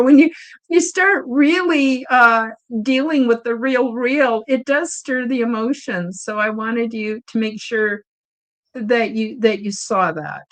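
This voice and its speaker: A woman's voice: on the high side, slow pace. A woman hosting an interview, affirming and openly emotional as she talks to her guest. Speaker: host. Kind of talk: casual interview talk.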